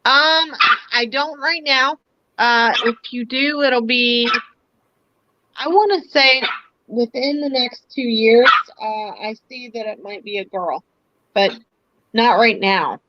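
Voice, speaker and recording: A woman's voice: on the high side, slow pace, highs cut off, heavy background noise. Hesitant woman doing a psychic reading. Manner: hesitant, with fillers and laughs. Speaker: psychic reader. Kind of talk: casual live-stream reading.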